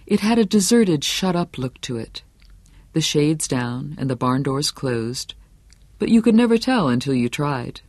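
A man narrating an audiobook in a steady, measured storytelling manner. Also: medium pitch, dry recording. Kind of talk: scripted narration.

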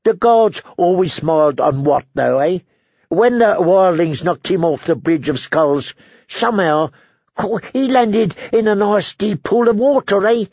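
A mournful young soldier with a raised, gravelly voice that rasps a little, croaking "caw" and "eh" as he grumbles in a flat, deadpan way, as a male narrator puts him on. It comes across as a dry, slightly dull audiobook recording. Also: high voice, measured pace, no room sound, pitched above the performer's own voice. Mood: glum deadpan.

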